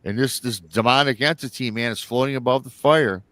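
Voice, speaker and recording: A mid-range, fairly bright male voice moves at a fairly quick clip as he rambles through a listener's tale on his live show. He repeats himself and voices the quoted lines, all in a dry recording.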